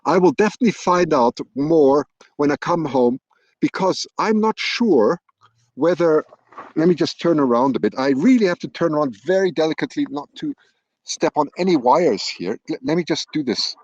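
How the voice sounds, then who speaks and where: This wildlife livestreamer talks casually from a hilltop, musing aloud and frequently starting over. He's animated, moderately paced, and fairly high-voiced with a darkish tone. The laptop's external mic gives a muffled sound with no room ambience.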